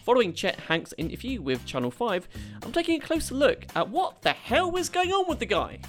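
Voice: mid-range voice, huge pitch swings, brisk, fairly bright tone, faint music behind. A host giving comedic news commentary, sarcastic and mocking, reacting to clips.

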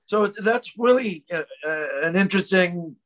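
A man's voice: sits high, normal speed, fairly bright tone. A middle-aged man from Canada chatting casually as a podcast co-host, rambling, laughing and peppering his talk with "man". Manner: rambling, laughing, swears and says "man" a lot. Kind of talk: casual chat.

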